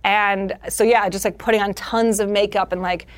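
A woman comedian talks freely in a relaxed interview, her voice mid-pitched and lively. She moves quickly between stories and little impressions. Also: clean tone. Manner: animated, slips into character voices. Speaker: comedian guest. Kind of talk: casual interview chat.

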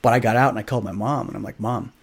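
A man in his thirties, a podcast guest, telling a story in a casual, animated way, acting out quoted dialogue with many fillers. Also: mid-range voice, racing.

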